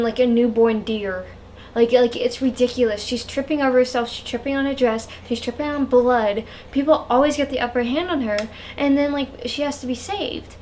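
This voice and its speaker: A woman vlogs casual book reviews, rambling and speaking frankly while saying "like" a lot. Her voice is a little high and darkish, and there's a slight hiss or hum in the audio.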